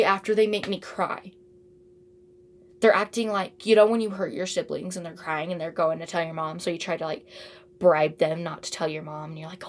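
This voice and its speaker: A woman's voice: lowish voice, moderate pace. Chatty teen girl rambling through a story. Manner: rambling, chatty, with many asides and fillers. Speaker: vlogger. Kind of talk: casual storytime.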